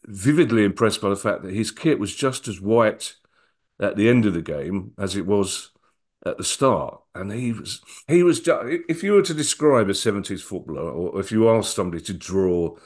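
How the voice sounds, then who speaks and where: Low-voiced man telling rambling memories. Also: lively intonation, normal speed, darkish tone. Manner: rambling, many restarts and repeats. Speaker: guest. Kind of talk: casual storytelling interview.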